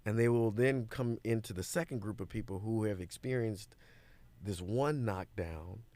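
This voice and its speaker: Lively male guest storyteller with a somewhat low voice, casual podcast register. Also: normal speed. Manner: animated storytelling, acts out quoted voices. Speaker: guest, business owner and mentor.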